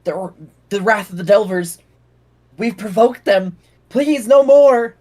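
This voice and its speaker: A man voicing a terrified male human captive who cowers and pleads in a high, strained shriek. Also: animated, slow, darkish tone, heavily acted. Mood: panicked.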